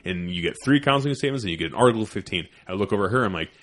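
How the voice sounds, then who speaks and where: A man's voice: on the low side, expressive, very fast, fairly bright tone, a little hiss or hum. A man in his thirties, a former Army sergeant, telling a heated, profane story in casual podcast chat. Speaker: podcast co-host.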